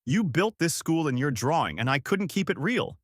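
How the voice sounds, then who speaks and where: A man voicing a grieving young woman who teaches in a village, pleading and shouting through tears. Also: a little high, big pitch swings, normal speed, no room sound, clean studio sound, pitched above the performer's own voice. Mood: anguished.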